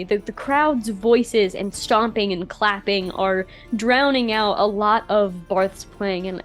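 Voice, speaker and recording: A woman running a tabletop game, narrating slowly and casually with plenty of "like"s. Her voice sits at a middle pitch, and faint music plays underneath. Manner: casual, filler-laden narration with many "like"s. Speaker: game master.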